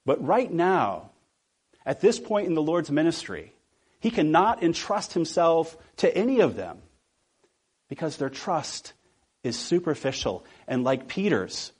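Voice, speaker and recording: A male pastor preaching a sermon, asking the congregation rhetorical questions and slowing down to stress key words. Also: fairly high pitch, a little mellow, slightly rough.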